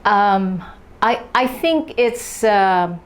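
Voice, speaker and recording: An older actress answering interview questions in a halting way, searching for her words. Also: mid-range voice, expressive. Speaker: guest actress. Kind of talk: interview conversation.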